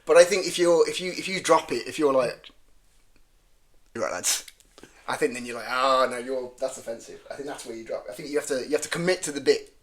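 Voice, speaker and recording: A man's voice: a little high, rapid-fire. A man with a strong Brummie accent, a guest comedian rambling and joking through a casual podcast chat and often correcting himself mid-sentence. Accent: Birmingham (Brummie).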